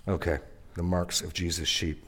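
Male pastor, fairly low voice, earnest sermon delivery with emphatic rises. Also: little pitch movement, moderate pace, a bit bright, breathy edge. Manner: earnest, repeats words, rises and drops in pitch for emphasis.

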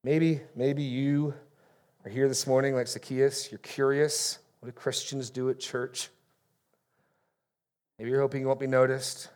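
A man's voice: mid-range voice, level tone, normal speed. Man, pastor, sermon, emphatic scripture reading, church. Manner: emphatic scripture reading, rising loud on key phrases.

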